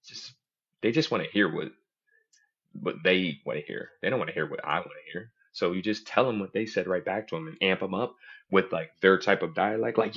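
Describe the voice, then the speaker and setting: A man talks through a casual podcast in a low, husky voice. He tells his stories with energy and drops into other people's voices whenever he quotes them. The recording sounds dull and lo-fi. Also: fairly quick, a bit bright. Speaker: podcast host. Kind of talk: casual chat.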